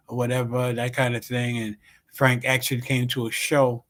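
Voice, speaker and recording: A man's voice: medium pitch, moderate pace. Middle-aged comedian guy spinning a story, casual, laughing and cursing a lot. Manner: animated joke-telling with swearing and laughs. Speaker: comedian and show host.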